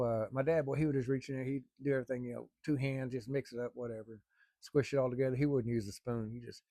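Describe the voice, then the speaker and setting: A man's voice: mid-range voice, warm tone, no room sound, clean studio sound. A middle-aged man telling a long family story in a rambling, folksy way, with casual swearing. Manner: rambling, folksy, salty language.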